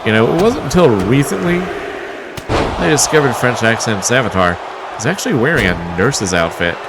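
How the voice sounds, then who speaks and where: A man's voice: mid-range voice, animated, moderate pace, very noisy. A man calling a wrestling match play by play, with a wry, mocking manner and the odd chuckle. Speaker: wrestling commentator. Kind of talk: play-by-play commentary.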